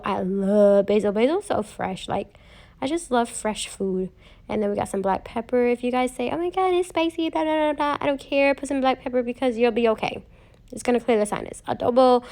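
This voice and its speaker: A woman home cook talking viewers through a recipe in a casual voice-over, chatty and joking with playful asides. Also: a little high.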